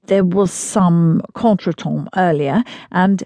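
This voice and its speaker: Brief: woman voicing wry gentleman, mild unhurried delivery, dry humor, mellow tone. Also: fairly low pitch, dry recording. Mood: hesitant. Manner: mild, measured and dryly humorous. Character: wry, dignified young gentleman in a wheelchair. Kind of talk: audiobook character reading.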